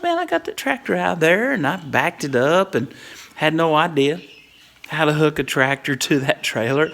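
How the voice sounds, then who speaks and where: A middle-aged man from tells a comic story in a relaxed, conversational way. His voice sits a bit high for a man and has a gravelly, fry-laden texture, and he breaks into little chuckles throughout. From Whitley County, Kentucky.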